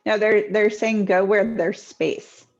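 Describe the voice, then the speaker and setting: A woman's voice: mid-range voice, steady tone, slow pace, dull audio, soft background music. A woman medium giving live readings from home over a video call, chatty and hesitant with many ums. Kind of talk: live online intuitive readings. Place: home near a kitchen.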